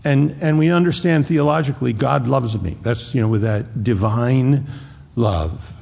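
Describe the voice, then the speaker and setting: A man preaching a sermon in a husky, gravelly voice of middling pitch. He speaks earnestly, leaning hard on key words and slowing down to stress them. The sound carries a long reverb, as from a large church hall. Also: a little mellow. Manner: earnest, emphatic preaching with repeated words and slow, stressed phrases. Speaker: pastor.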